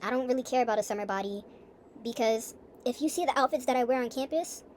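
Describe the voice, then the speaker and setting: A woman's voice: fairly high pitch, fast talker, darkish tone, a little hiss or hum. A young woman talking in a casual, rambling video diary, full of fillers and asides. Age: young adult. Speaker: vlogger.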